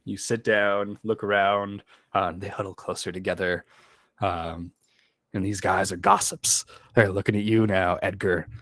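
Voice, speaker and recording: A man's voice: deep voice, fairly even intonation, unhurried, a bit bright, no room sound. A man narrating as game master of a tabletop game in a loose, casual way. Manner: loose, filler-heavy narration.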